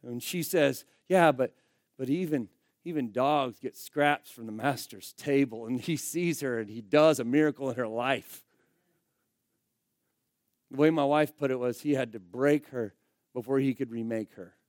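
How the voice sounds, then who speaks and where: A man, a pastor, preaching a sermon in a conversational, emphatic way, swinging between loud bursts and quiet asides. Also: mid-range voice, a little slow, dry recording, studio quality.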